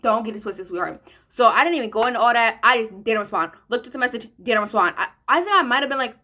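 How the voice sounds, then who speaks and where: A teenage girl telling a story in a chatty, animated way, with a lot of slang, while doing her makeup. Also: on the high side, fast talker. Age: teens. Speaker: vlogger. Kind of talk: casual story time during a makeup tutorial.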